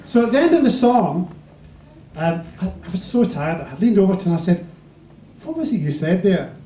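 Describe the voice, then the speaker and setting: A Scottish musician telling a rambling anecdote on stage, building it up to a punchline. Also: male voice, sits high, sing-song, moderate pace, dark tone, slight background noise. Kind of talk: stage anecdote to a live audience. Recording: roomy, distant stage mic.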